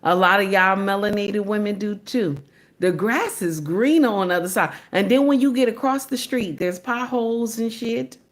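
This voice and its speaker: Female livestream host, sassy and preachy, mid-pitched voice, repeats herself for emphasis. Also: moderate pace. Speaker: commentary host reacting to clips. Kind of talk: casual reaction commentary.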